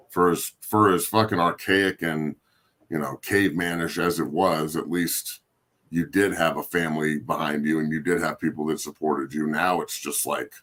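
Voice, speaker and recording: A man's voice: rumbling low, fairly bright tone. A man talking bluntly and profanely on a sports talk show.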